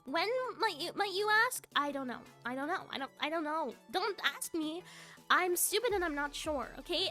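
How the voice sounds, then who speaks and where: A woman live streamer with a very high, bright, sharp voice, chatting in a casual and excitable way. She giggles often and repeats her lines. Faint music plays behind her. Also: moderate pace. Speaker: live streamer with an avatar model.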